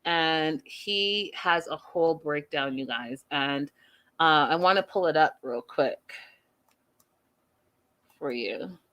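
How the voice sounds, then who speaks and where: Smooth-voiced woman hosting a chatty recap. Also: deep voice, lively intonation, slow, long pauses, a bit bright. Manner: chatty, addresses viewers as "you guys", many fillers. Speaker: show recap host. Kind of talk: casual recap chat.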